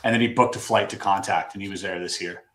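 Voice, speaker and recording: A man co-hosting a podcast who tells a story with animated energy and acts out the quotes. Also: fast talker. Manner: excitable, acts out quotes with big swings in pitch. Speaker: podcast co-host. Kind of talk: casual chat, animated storytelling. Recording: roomy echo.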